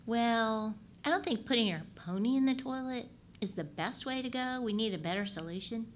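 A woman speaking as a calm, empathetic father who soothes his son gently and reassuringly. The delivery is patient and steady, with no hurry. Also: fairly high pitch, normal speed, slight background noise, natural voice.

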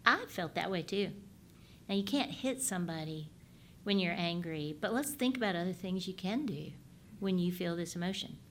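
Middle-aged woman, animated parenting teacher, asks the audience questions, faint rumble behind. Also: normal speed. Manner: animated, asks the audience questions, shifts between loud and hushed. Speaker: parenting speaker. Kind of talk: teaching talk.

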